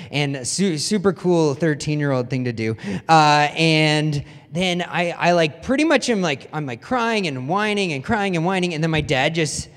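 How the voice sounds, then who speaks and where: A young man preaches in a relaxed, chatty way, slightly higher-pitched than most men. He tells stories with self-deprecating humor, many fillers and restarts. His voice rings with the long reverb of a church hall. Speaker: pastor. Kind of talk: casual sermon with personal story.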